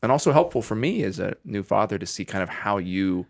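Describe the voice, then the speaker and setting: Fast-talking gravelly male podcast host. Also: lowish voice, sing-song, no room sound, clean studio sound. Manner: earnest, openly praising guest. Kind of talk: casual interview chat.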